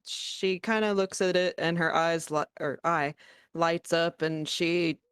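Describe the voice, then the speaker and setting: A woman's voice: on the low side, steady tone, slow, clear, resonant tone, no echo, studio quality. A woman player in a tabletop game, casually describing her character with many hesitations. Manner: casual, hesitant, with frequent restarts.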